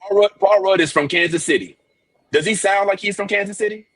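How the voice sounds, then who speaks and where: A man hosting a casual podcast chat, animated and joking, swearing freely. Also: high voice, a little fast. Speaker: podcast host.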